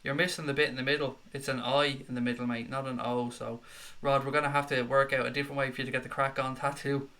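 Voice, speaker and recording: Young male stream host, bright voice, excitable casual chat reading viewer comments. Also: mid-range voice, fast talker, few pauses. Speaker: football fan channel host. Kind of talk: live-stream chat reaction.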